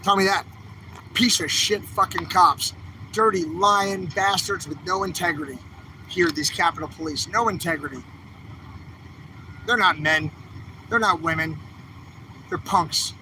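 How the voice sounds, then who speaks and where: A man's voice: sits high, measured pace, pauses often, pushed and bright, slight background noise, rough recording. A man ranting angrily to his viewers, livestreaming from a city street outdoors. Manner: agitated, ranting, exhorting viewers. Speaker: livestreaming activist vlogger. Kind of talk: angry street vlog to camera.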